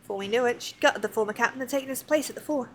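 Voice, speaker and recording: A woman's voice: fairly high pitch, racing, a little hiss or hum, lightly acted. A woman voicing a chatty, fond old pirate crewmate in a salty sailor's dialect while reading game dialogue aloud. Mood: wistful.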